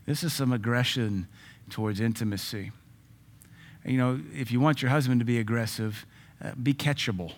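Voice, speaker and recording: A man's voice: mid-range voice, moderate pace. A man preaching a sermon, cracking jokes and dropping frequent amens between punchy points. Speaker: pastor.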